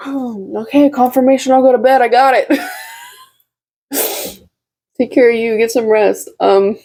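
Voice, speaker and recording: A woman in her own room giving a casual, heartfelt channeled message to her viewers as a tarot reader, with lots of fillers and soft giggles. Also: a little high, takes it slowly, pauses often.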